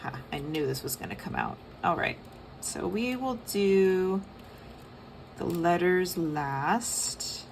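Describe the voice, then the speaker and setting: A young woman giving a casual tarot reading, soft and rambling with many fillers. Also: on the low side, big pitch swings, takes it slowly, gravelly, noisy background. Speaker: tarot reader.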